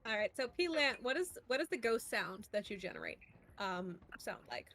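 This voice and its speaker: A woman's voice: medium pitch, very animated, normal speed, a bit bright. A woman narrating a tabletop game as game master, chatty and full of fillers.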